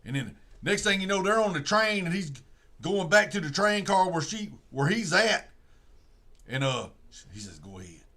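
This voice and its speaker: A man's voice: high voice, expressive, normal speed, sharp tone. A man, casually retelling a movie plot in a rambling, drawling way, full of restarts. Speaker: streamer.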